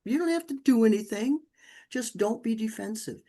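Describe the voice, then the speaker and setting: A woman, a parenting author, telling stories in a podcast interview and acting out the people she quotes. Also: normal speed. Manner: animated, acts out quotes with big pitch jumps.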